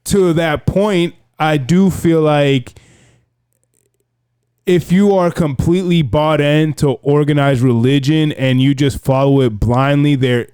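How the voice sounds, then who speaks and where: A man who is a music producer and podcast guest, talking in a relaxed, reflective way with casual swearing. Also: a little high, slow pace, clear, resonant tone, no echo, studio quality.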